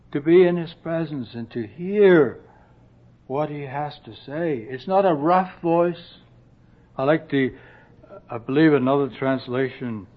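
Slow earnest guy preaching, keeps clearing his throat, dull lo-fi recording. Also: a little high. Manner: slow, earnest, often drops to a soft near-hush. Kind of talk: sermon.

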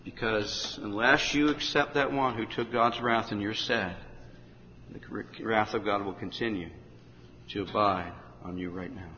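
A man preaching an urgent revival sermon in a large hall, rising to shouts at the climaxes. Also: lowish voice, fairly even intonation, a little slow. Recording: dull, echoey hall with faint noise.

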